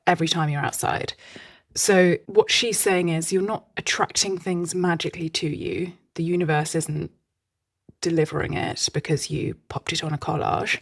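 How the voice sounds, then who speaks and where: Lady podcaster, a bit low, chatty and self-mocking, wanders off on tangents. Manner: chatty, self-deprecating, rambling with asides. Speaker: podcast host. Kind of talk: casual solo podcast talk.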